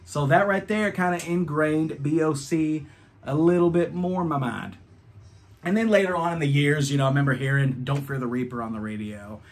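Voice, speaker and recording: Rambling, excitable man telling a story. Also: a little high, moderate pace. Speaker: album reviewer. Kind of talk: casual storytelling vlog.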